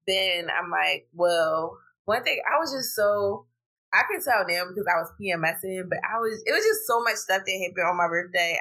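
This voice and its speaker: A woman hosting a podcast, telling a story in casual chat, animated and blunt, swearing freely. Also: poor audio. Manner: animated, profane, vents with rising pitch. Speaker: podcast host. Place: home podcast setup while streaming live.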